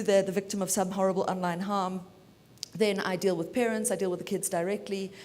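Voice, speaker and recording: A woman from South Africa giving a brisk, chatty and self-assured talk as a media lawyer at a conference. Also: darkish tone. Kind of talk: keynote talk. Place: conference hall. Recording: reverberant hall, faint rumble.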